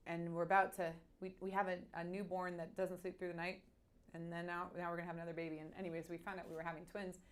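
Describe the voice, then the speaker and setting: A woman, candidly telling a personal story in a halting, animated way full of restarts. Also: on the low side. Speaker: guest.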